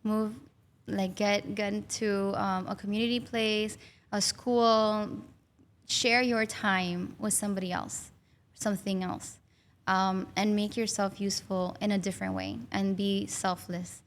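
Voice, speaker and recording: A woman's voice: medium pitch, measured pace. Candid woman guest with faint noise. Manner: warm, candid, animated when recalling. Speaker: guest, bereaved mother. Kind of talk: personal storytelling in an interview.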